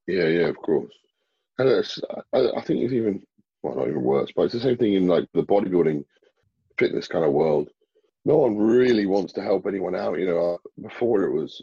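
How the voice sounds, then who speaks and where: A man's voice: deep voice, animated, a little fast, vocal fry, husky, no room sound, muffled recording. A man talking as a bodybuilder guest in a casual interview, blunt and swearing freely.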